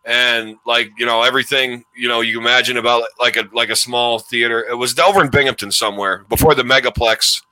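A man's voice: mid-range voice, fairly even intonation, brisk, hardly any pauses, pushed and bright, no room sound. A man in his forties hosting a podcast, telling old stories in a rambling casual way and laughing as he goes. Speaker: podcast host. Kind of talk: casual storytelling chat.

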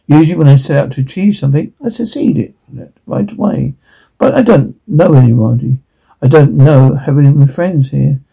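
A bubbly young actress who rambles and runs herself down, read by a man in his own voice. The tone is gravelly and mellow, with no real change from the reader. It plays as an episode retelling. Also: fairly high pitch, normal speed, full character voice, low-quality recording. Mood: chatty. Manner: bubbly, rambling, self-deprecating. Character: young woman, chatty aspiring actress. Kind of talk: reading a TV episode aloud in character.

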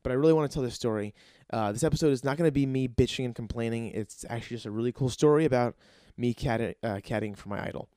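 This young podcast host, hoping to make it in comedy, tells an excitable, profane story full of rambling restarts. He speaks at a quick pace with few pauses in a medium-pitched voice, and the studio-quality recording has no room sound.

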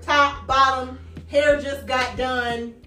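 A woman's voice: sits high, flat delivery, takes it slowly, pushed and bright. A woman co-hosting a podcast, chatting playfully and acting out a strict parent. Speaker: podcast co-host. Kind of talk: casual chat. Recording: echoey room, distant mic, music behind.

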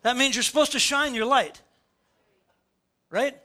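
Brief: animated pastor, very high, bright voice, playful sermon delivery. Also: male voice, measured pace. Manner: animated and playful, with lots of rhetorical questions. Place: church.

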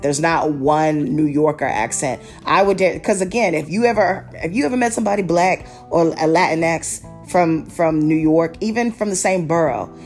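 A woman's voice: lowish voice, a little mellow. A woman podcast host from Baltimore chatting casually about a TV series, rambling with restarts and fillers. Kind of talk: casual TV review chat.

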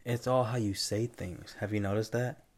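Low-voiced man teasing on a podcast. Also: steady tone, normal speed, slightly rough. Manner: teasing, asks a lot of questions. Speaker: podcast co-host. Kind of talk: casual chat.

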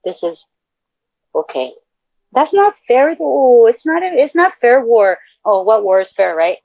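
A woman's voice: fairly high pitch, big pitch swings, a little slow, dark tone, no echo, lo-fi sound. A woman from El Paso co-hosting a podcast in casual chat, cursing freely and erupting in mock-outraged outbursts. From El Paso, Texas. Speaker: podcast co-host.

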